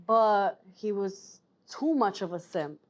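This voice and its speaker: A woman's voice: mid-range voice, animated, takes it slowly. A woman from Brooklyn with a New York accent, telling a story in a casual, blunt, streetwise way.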